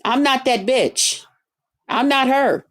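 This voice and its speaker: A high-pitched, fairly bright voice delivers this slow livestream rant. The woman addresses her viewers angrily and confrontationally, cursing and stretching out words to emphasize them.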